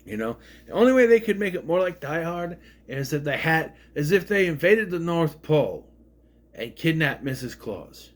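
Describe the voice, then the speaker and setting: With big pitch swings at a normal pace, a movie reviewer talks casually about a film. He rambles, restarts sentences often, and his pitch and volume keep shifting.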